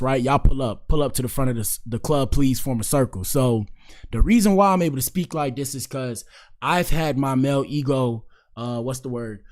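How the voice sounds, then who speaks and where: A man hosts a casual reaction show in an everyday, mid-pitched voice. He talks straight at his viewers, animated and loose, full of slang and catchphrases. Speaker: host of a commentary show.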